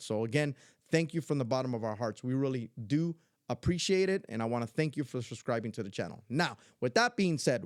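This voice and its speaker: Middle-aged grandpa vlogger, earnest and heartfelt, repeats stuff, normal pitch, dry close sound. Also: male voice, darkish tone, clear, resonant tone, no room sound. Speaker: YouTuber and grandfather. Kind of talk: casual vlog monologue.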